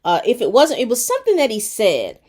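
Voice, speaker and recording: A woman recapping a TV episode for her viewers in casual chat, expressive and talkative, with terms of endearment and fillers. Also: fairly high pitch. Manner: rapid talk.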